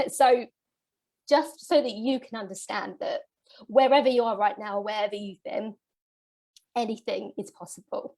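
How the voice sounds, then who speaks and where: A woman's voice: medium pitch, steady tone, moderate pace, long pauses, mellow. A woman business coach giving an earnest, motivational masterclass, getting emotional as she talks. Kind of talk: live masterclass presentation.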